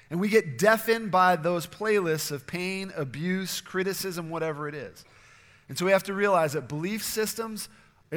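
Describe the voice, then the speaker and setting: A man preaching a sermon as pastor, earnest and steady, sometimes acting out quoted voices. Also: a little high, big-room sound.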